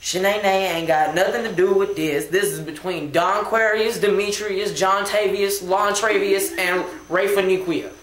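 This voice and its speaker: A woman's voice: mid-range voice, moderate pace, hardly any pauses, echoey room, close to an everyday voice. A woman plays a bored young man who is chatting on his phone during a play. He talks in slang, drawls, and keeps saying "bruh". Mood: gossipy. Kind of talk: amateur comic skit.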